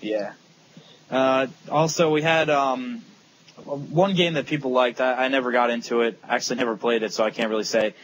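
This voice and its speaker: A man's voice: mid-range voice, steady tone, normal speed, highs cut off, slight background noise. A young man co-hosting a casual gaming podcast, rambling with lots of fillers and teasing his friends. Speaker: podcast co-host.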